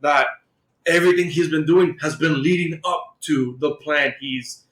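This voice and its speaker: A man's voice: a little high, unhurried, fairly bright tone, roomy sound, poor audio. A man co-hosting a podcast, retelling a comic book story in casual chat full of "like" and "uh". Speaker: podcast co-host.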